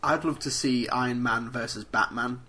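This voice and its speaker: A man's voice: medium pitch, moderate pace, sharp tone, slight background noise. A man co-hosting a casual podcast chat, jokey and playful. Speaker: podcast co-host.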